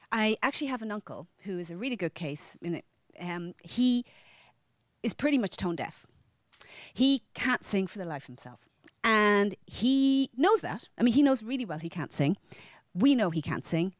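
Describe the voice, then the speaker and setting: A woman from Ireland with an Irish accent, telling a personal story live to an audience, animated and full of restarts. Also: medium pitch, no room sound, clean studio sound. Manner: animated, with frequent restarts and acted-out quotes. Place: media center storytelling event.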